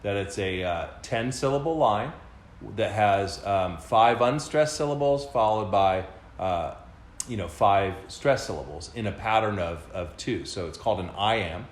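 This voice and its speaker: Speaking a little slowly in a lowish, animated voice, a man co-hosting a podcast gives a long, casual explanation peppered with fillers and restarts. The recording picks up room echo and faint background noise.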